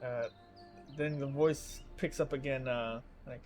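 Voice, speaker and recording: A man's voice: medium pitch, fairly even intonation, measured pace, a little mellow, soft background music. A man narrating a tabletop game as game master, casual and often breaking into laughter. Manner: casual, laughing between lines.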